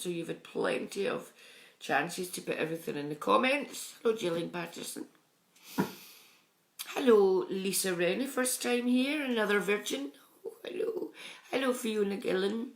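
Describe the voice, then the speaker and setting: A middle-aged woman, chatting on a live stream and warmly greeting viewers by name. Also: on the low side. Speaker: psychic medium streaming live. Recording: echoey room sound.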